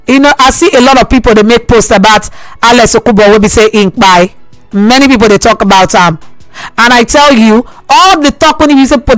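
High-voiced Nigerian radio presenter, preachy. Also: a bit bright, no room sound, low-quality recording. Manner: preachy, pleading, mixes Pidgin and English. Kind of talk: radio talk monologue.

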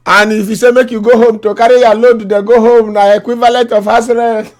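A man's voice: very high voice, flat delivery, a little fast. A man with a Nigerian accent, teasing in casual chat, laughing often and echoing the other person's words back.

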